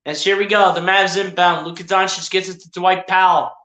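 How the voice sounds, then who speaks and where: A bright-toned streamer gives loose, casual play-by-play of a basketball game, speaking directly to the players and the chat in a roomy, echoey space. His mid-pitched voice is level and a little fast, somewhat hedging and chatty, and he corrects names on the fly.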